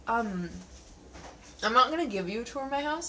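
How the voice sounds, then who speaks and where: A woman with a fairly high voice talks through a TV episode in a loose, sarcastic, chatty way. She is recording at home, sitting a little back from the mic, with a faint hum of background noise. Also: lively intonation, moderate pace, long pauses, bright, forceful tone, recorded from a distance, low-quality recording. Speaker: TV show reviewer. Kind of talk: casual spoken review.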